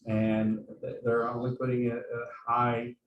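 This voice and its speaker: A man on a board who speaks in a halting way, with restarts, during a meeting discussion. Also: medium pitch, monotone, distant mic, highs cut off. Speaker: board member. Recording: echoey room, off-mic, faint noise.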